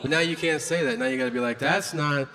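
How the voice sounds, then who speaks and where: Profane stand-up comic on a noisy stage. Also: male voice, mid-range voice, very fast. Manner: profane, acts out both sides of exchanges in mocking voices. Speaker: stand-up comedian. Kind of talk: stand-up comedy routine. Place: comedy stage before a live audience. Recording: noisy live stage recording.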